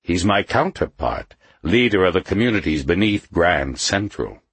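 A man's voice: low voice, very animated, moderate pace, a bit bright, slightly rough, no room sound, voice pushed up, exaggerated voice. A male narrator voicing a sly, suspicious leader of an underground community, speaking in a silky hiss. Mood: sardonic. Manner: silky hissing voice; suspicious, cackling, grim.

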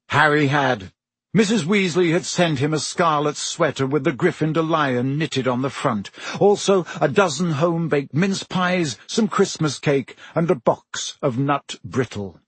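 Male audiobook narrator, slightly raised pitch, husky, dry close studio sound, steady storytelling. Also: no echo. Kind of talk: scripted narration.

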